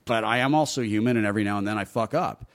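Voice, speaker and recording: A man's voice: on the low side, rapid-fire. A middle-aged man telling stories in casual chat, candid and profane, laughing often. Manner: candid storyteller, swears freely, laughs often.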